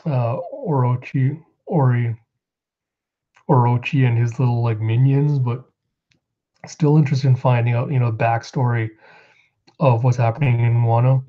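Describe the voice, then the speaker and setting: Mellow-voiced man recapping comics casually. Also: mid-range voice, steady tone, highs cut off. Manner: rambling, acts out character lines in quick put-on voices. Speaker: manga reviewer.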